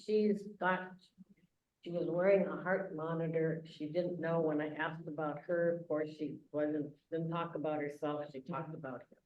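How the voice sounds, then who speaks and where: A person chairs a group meeting, talking softly and haltingly. The voice sounds roomy and a little muffled. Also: mid-range voice, fairly even intonation. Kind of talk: casual meeting talk. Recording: echoey, muffled room mic.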